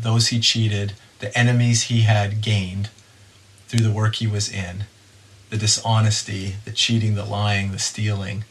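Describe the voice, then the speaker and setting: A man preaching a sermon in a conversational way, retelling a Bible story and acting out the people in it. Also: on the low side. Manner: conversational, acts out voices of story figures. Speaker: pastor.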